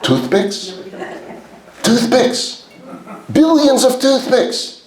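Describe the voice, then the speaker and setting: A man's voice: very high voice, expressive, extremely slow, voice pushed up, full character voice. A man voicing an exasperated father who scolds his son, talking in a raised, incredulous way. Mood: incredulous scolding. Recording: roomy echo.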